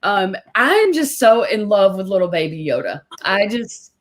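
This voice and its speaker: A middle-aged woman hosts a relaxed interview in an easy, chatty way. She tells stories at length and brings them to life by acting out what other people said. Her voice sits at a middling pitch. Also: measured pace. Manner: chatty storyteller, animated when quoting others. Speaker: host. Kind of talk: casual interview chat.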